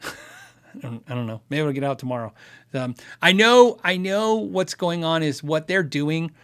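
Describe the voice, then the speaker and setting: A man's voice: a little high, animated, unhurried, fairly bright tone, clean tone. A man hosting a guitar tech channel, answering viewer questions in a live-stream chat, earnest and thinking aloud with many restarts.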